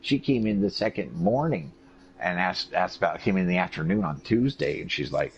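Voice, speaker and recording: A man recovering from surgery, telling profane, animated stories in a casual chat. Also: sits low, brisk. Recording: dull lo-fi recording with faint noise.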